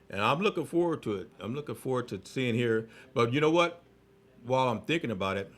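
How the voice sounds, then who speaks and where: A man hosting a radio talk show in a lowish voice. He is chatty and enthusiastic, with plenty of animated reactions to his guest. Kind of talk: radio interview.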